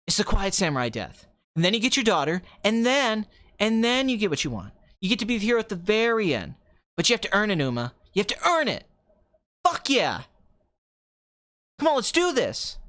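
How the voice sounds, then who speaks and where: Here is a brash, self-loving film director played by a man as a comedic impression, ranting at speed and peppering every line with curses. The voice leaps around in pitch, swinging between hushed musing and wild excitement. The sound is dry and close. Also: no echo, full character voice. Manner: fast ranting, jumps from calm to excited, swears.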